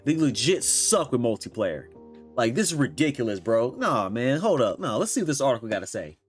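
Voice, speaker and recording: A man's voice: medium pitch, sing-song, brisk, breathy edge, faint music behind. A young man ranting heatedly about games, swearing and talking in slang. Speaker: gaming commentator. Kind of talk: angry reaction rant.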